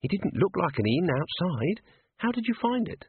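A woman's voice: lowish voice, big pitch swings, normal speed, breathy edge, no echo, voice pushed up, heavily acted. A man voicing a nervous young female dwarf who talks in a timid, quavering way. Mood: anxious, curious. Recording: tinny phone-like audio.

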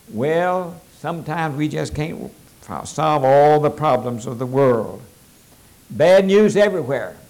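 A man preaching a sermon in church, telling a folksy joke with lively storytelling. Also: on the high side. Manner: lively storytelling, chuckling at his own jokes. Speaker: pastor.

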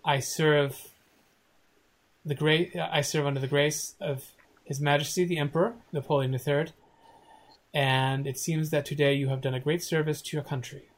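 A man voicing a poised, elegant female agent in a tabletop game, speaking in a formal, measured, diplomatic way. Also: a little high, steady tone, close to an everyday voice. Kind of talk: tabletop role-play voicing.

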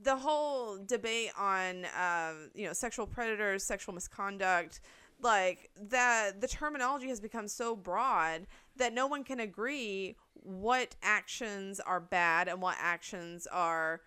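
A woman's voice: medium pitch, unhurried, sharp tone, smooth. A woman co-hosting a casual chat, explaining her view at length with plenty of fillers and the odd swear word. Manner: chatty, talks it through with fillers and swearing. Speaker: podcast co-host.

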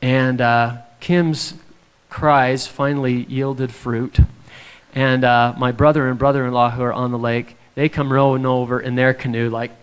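Man telling a lively devotional story. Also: medium pitch, unhurried, smooth. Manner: animated storytelling, acts out quotes. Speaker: speaker. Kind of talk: devotional talk with a personal story.

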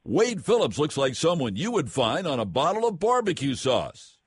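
A man cohosting a radio show, reading out jokes in a deadpan way. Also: fairly high pitch, moderate pace, slightly rough, no room sound, studio quality.

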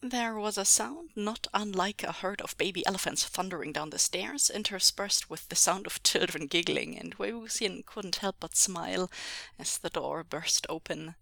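Gravelly, bright-toned woman narrator. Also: fairly low pitch, normal speed, few pauses, dry recording, studio quality. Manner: casual asides with laughter. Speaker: podfic reader. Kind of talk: audiobook narration of fan fiction. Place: quiet home.

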